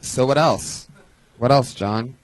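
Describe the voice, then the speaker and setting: A man hosting a live comedy show on a club stage, quick, teasing and profane with the comics. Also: medium pitch, low-quality recording.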